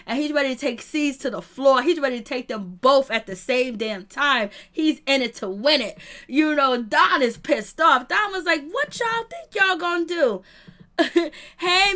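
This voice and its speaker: A woman hosting a live show, recapping a reality episode in slang-heavy casual talk, acting out quotes and laughing often. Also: sits high. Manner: animated retelling, acts out quotes, frequent laughter. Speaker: YouTube show host reviewing reality TV. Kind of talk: live-stream commentary chat.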